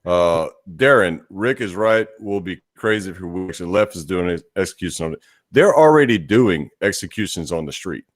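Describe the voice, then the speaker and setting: Low-voiced, jokey podcast co-host man. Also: no echo, studio quality. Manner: jokey, animated, talks in quick bursts. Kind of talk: casual political discussion.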